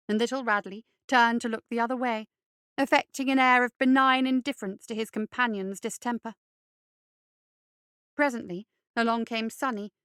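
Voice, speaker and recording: Bright, crisp woman narrator. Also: fairly high pitch, no echo, studio quality. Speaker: storyteller. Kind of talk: scripted narration of a dark fairy tale.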